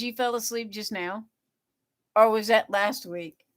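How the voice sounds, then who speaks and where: A woman's voice: medium pitch, measured pace, long pauses. A middle-aged woman hosting a livestream, chatting casually with viewers in a rambling way, reading their comments aloud and saying "you know" over and over. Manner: repeats "you know" a lot. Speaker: livestream host. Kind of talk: casual chat with live viewers.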